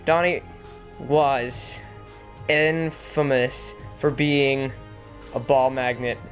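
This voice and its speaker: A man's voice: medium pitch, steady tone, very slow, soft background music. A teenage boy in casual conversation, chiming in to fill in and correct the details of a shared story. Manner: chatty, interjects and corrects details.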